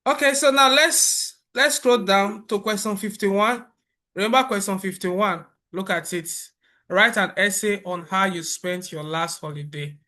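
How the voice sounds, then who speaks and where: A man presenting a software tutorial over a screen recording, explaining step by step in a relaxed way with fillers and restarts. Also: high voice, unhurried.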